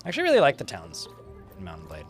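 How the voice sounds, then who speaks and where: A young man giving casual gameplay commentary, joking and rambling, thinking out loud and swearing freely. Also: sits low, huge pitch swings, rapid-fire, soft background music. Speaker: streamer playing a game.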